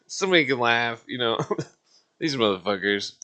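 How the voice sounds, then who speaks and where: A man in his forties rambles to his livestream viewers, swearing constantly and laughing at his own jokes in a casual rant. His mid-range voice has lively intonation, a normal pace and a sharp tone, with slight background noise.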